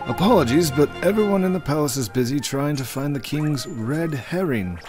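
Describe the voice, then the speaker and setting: A man's voice: on the high side, expressive, normal speed, voice pushed up, lightly acted. A man reading the lines of a polite, formal male palace guard in a game, with music behind.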